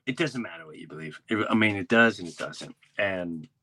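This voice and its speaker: A man's voice: deep voice, brisk, sharp tone. A man who hosts a podcast and does stand-up, telling rambling stories in casual chat with many restarts. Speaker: podcast host and stand-up comedian.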